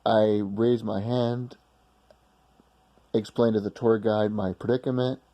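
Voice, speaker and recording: A man's voice: lowish voice, steady tone, slow pace, warm tone, highs cut off. A man casually telling a personal story in a rambling, blunt way with some swearing.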